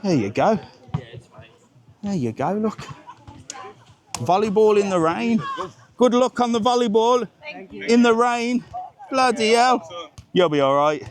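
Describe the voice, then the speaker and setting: Sweary man ranting on a rainy walk. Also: on the high side. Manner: blunt, sweary ranting, chatty with viewers. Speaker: travel vlogger host. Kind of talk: live-streamed walking vlog. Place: outdoors on a seaside promenade in rain.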